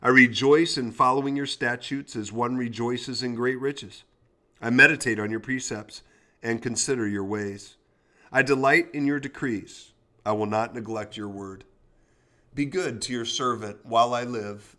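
A man hosting a devotional podcast, reading scripture aloud at a steady pace and adding short plain comments. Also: medium pitch, a little slow. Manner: reads scripture aloud with brief comments and prayer. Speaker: podcast host.

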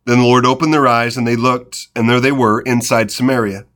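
A man reading scripture aloud in an unhurried, reflective way, pausing for short spontaneous comments and prayer. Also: medium pitch, level tone, fairly bright tone. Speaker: devotional Bible reader. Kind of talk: scripture reading with devotional asides.

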